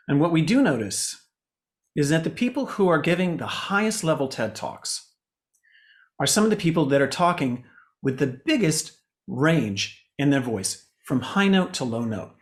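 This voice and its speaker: A man giving an animated presentation as a communication coach over a video call, swinging his pitch widely for emphasis. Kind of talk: online presentation talk.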